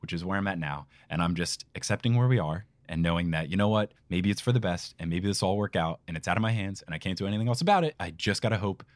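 A man's voice: low voice, animated, fast talker, hardly any pauses, no room sound. A young man co-hosting a casual podcast, talking animatedly and ranting about his favorite team. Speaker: podcast co-host.

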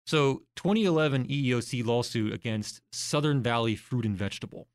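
A man's voice: medium pitch, a little fast, dry recording, studio quality. A man, a guest researcher in a podcast interview, explaining his points step by step and walking through examples.

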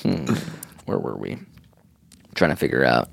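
A man's voice: rumbling low, very animated, a little slow, gravelly, no room sound. A man co-hosting a podcast, chatting casually and joking in a rambling way, laughing often. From Miami. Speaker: podcast co-host. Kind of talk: comedic casual chat.

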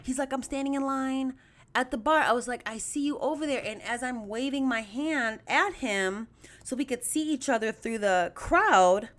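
Animated chatty woman, fairly high voice. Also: moderate pace. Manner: animated, acts out quoted voices with big pitch jumps; chatty, addresses listeners as y'all. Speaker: podcast host. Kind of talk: casual storytelling monologue.

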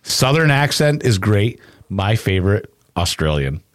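A man's voice: fairly low pitch, lively intonation, moderate pace, no echo, clean studio sound. A man co-hosting a podcast in casual chat, reading news aloud with running asides. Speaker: podcast co-host. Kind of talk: casual true-crime chat.

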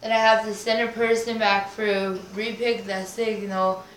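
A woman's voice: mid-range voice, little pitch movement, unhurried. A woman guest on a podcast, chatting casually in a rambling way, swearing and making up nonsense words. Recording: roomy echo, faint noise.

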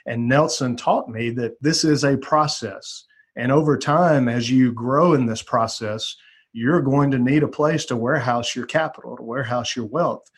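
A man with a slightly husky voice speaks as a podcast guest. He talks emphatically and a bit preachily. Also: mid-range voice, normal speed. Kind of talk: casual podcast chat.

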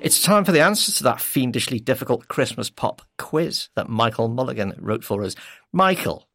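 A man's voice: medium pitch, sing-song, normal speed, gravelly, pushed and bright. A man hosting a music podcast, wry and leading the chat as he sets up each pick. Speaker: podcast host. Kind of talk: casual chat about music.

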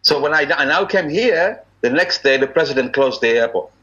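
Animated man, bright lively voice. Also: on the high side, fairly quick, highs cut off. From Nigeria. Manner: animated storyteller, slips into pidgin, chuckles often. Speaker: actor, podcast guest. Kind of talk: casual interview chat. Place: at home abroad, remote call.

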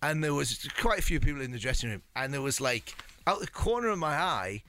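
A man, a comedian on a radio show, rambles through an anecdote with restless energy. His voice sits a bit high and bright, and it leaps around constantly. He stops and restarts often and laughs as he goes. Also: lively intonation, fairly quick. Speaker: comedian guest. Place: radio studio.

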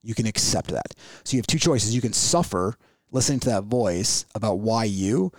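A man's voice: lowish voice, expressive, normal speed, dry recording. Middle-aged guy chatting loose on a podcast, rambles, lots of ums, dead dry room. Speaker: podcast host. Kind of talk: casual conversational chat.

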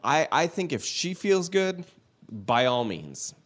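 A man's voice: on the high side, sing-song, slow, a bit bright. A man co-hosting a podcast, chatting casually about celebrity news, swearing now and then. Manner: chatty, swears casually, reads statements aloud. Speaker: podcast co-host.

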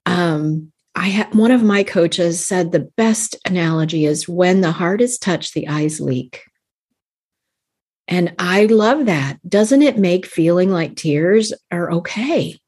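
A woman in her fifties talks about her coaching work in a relaxed podcast chat. Her voice sits a little low for a woman, and she speaks earnestly, breaking into light laughs between thoughts. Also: slow pace, husky. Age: 50s. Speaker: life coach guest. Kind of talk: casual podcast interview.

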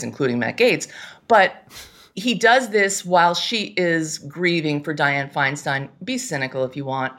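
A middle-aged woman talks politics as a podcast guest. Her voice sits low but moves widely in pitch, and she delivers her points with emphatic exasperation and quick asides. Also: fairly bright tone. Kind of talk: casual political podcast chat.

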